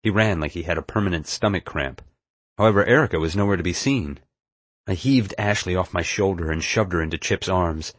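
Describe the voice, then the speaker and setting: A man reading a first-person adventure story aloud in a steady, measured way. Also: low voice, dry recording. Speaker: audiobook narrator. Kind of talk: scripted first-person narration.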